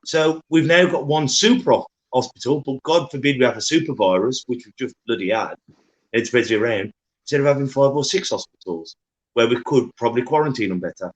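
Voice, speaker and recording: A man's voice: medium pitch, brisk, low-quality recording. Ranting man telling stories. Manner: ranting, animated storytelling. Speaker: podcast co-host. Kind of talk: casual chat.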